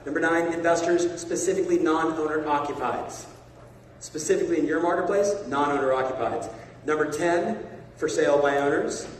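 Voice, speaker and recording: Energetic male seminar speaker, echoey hall. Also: on the high side, a little hiss or hum. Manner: energetic, rapid, coaxing the audience. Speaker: sales coach speaker. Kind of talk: motivational seminar talk. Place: large conference hall. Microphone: far from a phone camera in the audience. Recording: echoey hall recorded from far off.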